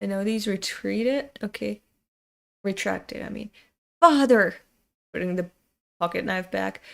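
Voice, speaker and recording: A woman's voice: mid-range voice, fairly even intonation, measured pace, creaky. A woman reading a comic aloud in a chatty, casual way, laughing and swearing as she goes. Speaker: comic reader.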